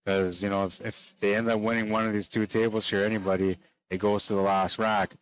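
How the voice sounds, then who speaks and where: His smooth voice is on the low side and a little fast as he does live play-by-play of a pool match. He chats easily with stream viewers, slightly worn down by the late hour.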